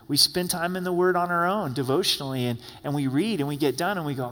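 A man's voice: on the high side, fast, hardly any pauses, bright, forceful tone, big-room sound. A man preaching a sermon as pastor in a conversational style, often acting out the words of the people he quotes. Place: church sanctuary.

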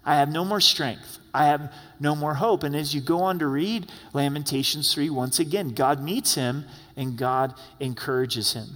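A man's voice: on the high side, moderate pace, fairly bright tone, in a large hall. A man preaching a sermon as pastor in a conversational style, often acting out the words of the people he quotes. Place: church sanctuary.

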